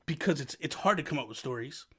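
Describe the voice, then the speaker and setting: A man in his thirties hosting his own channel, chatting casually in a loud, joking, self-mocking way. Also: mid-range voice, expressive, quick pace. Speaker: channel host. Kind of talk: casual rambling chat. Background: faint background music.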